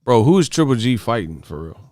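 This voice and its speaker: A man's voice: medium pitch, sing-song, fairly quick, a little mellow, no room sound, clean studio sound. A man hosting a casual boxing livestream, ranting profanely and firing off rhetorical questions. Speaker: boxing YouTuber host.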